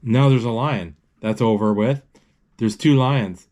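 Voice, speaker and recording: Man narrating a film live, dark and mellow, halting with constant restarts. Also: medium pitch. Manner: halting, with many restarts and self-corrections. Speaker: movie describer. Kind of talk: live play-by-play of a movie as it plays.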